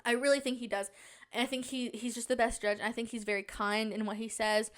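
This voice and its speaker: A woman's voice: a little high, brisk. A young woman hosting a podcast, telling a story in casual chat, acting out what other people said. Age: young adult. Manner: animated, acts out other people's lines in quotes. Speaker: podcast host. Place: public place.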